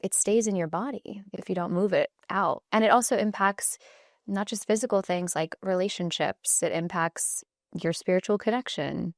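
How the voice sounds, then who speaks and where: A woman hosting a podcast, chatting in a relaxed, casual way with frequent "like" fillers. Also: mid-range voice, normal speed, dry recording, studio quality. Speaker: podcast host.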